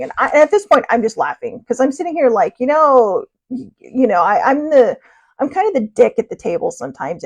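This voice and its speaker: A podcast host tells a funny story in a chatty way, laughing and poking fun at herself. Her voice is fairly high, creaky and darkish, with a breathy edge.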